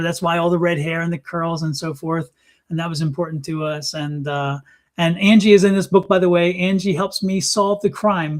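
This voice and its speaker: Man host, high voice, loose rambling talk with restarts. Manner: rambling, halting restarts, laughs often. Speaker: host and author. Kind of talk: casual chat.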